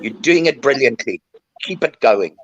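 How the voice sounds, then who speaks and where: A woman's voice: rumbling low, lively intonation, normal speed. Blunt, emotional older woman on a dull line. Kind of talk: casual chat.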